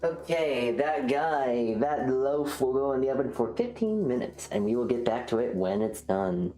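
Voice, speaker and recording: A woman's voice: rumbling low, animated, moderate pace, warm tone, soft background music. A woman streamer chatting casually and rambling, joking at her own expense while reacting to chat. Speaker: livestreamer. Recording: roomy echo.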